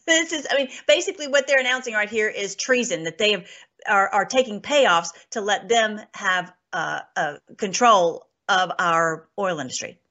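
A woman's voice: medium pitch, moderate pace, pushed and bright. A woman commentator reacting indignantly, repeating herself as she talks. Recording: dull, lo-fi recording.

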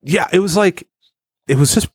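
A man on a casual movie-review podcast, talking in a lively way with fillers and frequent laughs. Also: high voice, normal speed, breathy edge, dry recording.

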